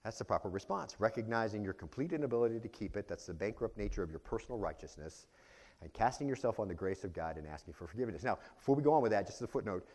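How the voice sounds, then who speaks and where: A male pastor preaching a teaching sermon, often asking rhetorical questions and turning higher and louder when he voices quoted prayers. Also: animated, racing. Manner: rises in pitch for quoted prayers.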